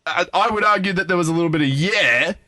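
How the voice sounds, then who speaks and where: A man's voice: sits high, quick pace, no echo. A young Australian man co-hosting a podcast, telling a comic story and laughing as he acts out other people. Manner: animated, laughing, acts out voices. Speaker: podcast co-host. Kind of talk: casual comedic storytelling.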